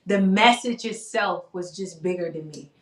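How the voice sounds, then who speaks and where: A woman guest on a live interview, telling her story in a candid, animated way. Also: fairly low pitch, normal speed, reverberant. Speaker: interview guest, talk show host.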